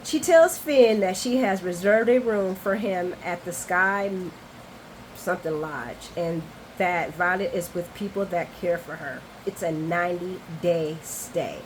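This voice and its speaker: A woman hosting a casual soap opera recap, chatty, expressive and candid. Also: lowish voice, measured pace, a little hiss or hum, poor audio.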